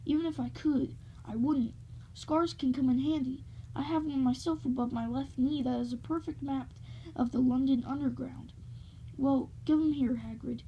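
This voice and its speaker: A woman reading aloud, voicing a wise, calm old wizard who speaks gently with dry wit. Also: high-pitched, moderate pace, lo-fi sound, slight background noise.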